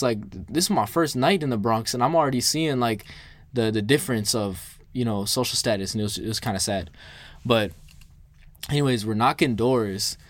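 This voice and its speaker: A young Minnesotan man tells a story to the camera in a casual, animated way, cursing freely and using lots of fillers. His pitch is medium, he talks fairly quickly, and the recording is dry.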